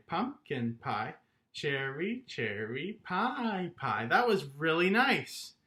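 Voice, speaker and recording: Male kindergarten music teacher, animated pitch, slow deliberate delivery, encouraging. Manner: animated, encouraging, chants rhythms and claps along. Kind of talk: online music lesson for young children.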